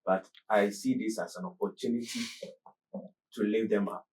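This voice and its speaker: A man's voice: on the low side, steady tone, normal speed, darkish tone, distant mic, rough recording. A man, a guest on an interview show, choosing his words with care. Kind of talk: studio interview.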